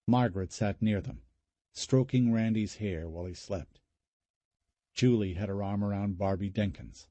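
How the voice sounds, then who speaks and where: A man narrating a horror audiobook in a measured, even storytelling manner. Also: lowish voice, no echo. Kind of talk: scripted narration.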